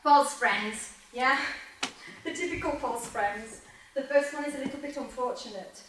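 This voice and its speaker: High-voiced manchester lady teaching english, far off in a big echoey room. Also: a little slow. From England. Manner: lively, joking, quizzes students by name. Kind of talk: classroom lecture with questions to students. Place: university lecture room. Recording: echoey lecture hall, voice from a distance, faint noise.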